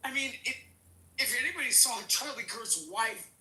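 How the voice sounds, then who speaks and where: A woman's voice: on the high side, lively intonation, normal speed, pushed and bright, roomy sound, poor audio. Tearful woman pleading on a panel. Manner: pleading, repetitive, voice breaking. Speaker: panel guest. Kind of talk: emotional panel talk.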